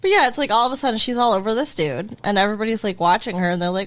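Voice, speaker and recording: A woman's voice: mid-range voice, rapid-fire, a bit bright. A woman co-hosting a podcast, recapping a TV episode in casual chat, chatty and giggly, saying "like" a lot. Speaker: podcast co-host.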